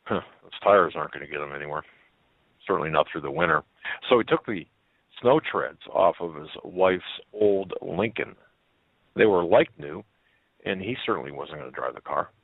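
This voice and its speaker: A man reading a story aloud as a radio host, in a halting way with many fillers and restarts. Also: sits low, animated, creaky, slightly rough, dry recording. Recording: tinny phone-like line.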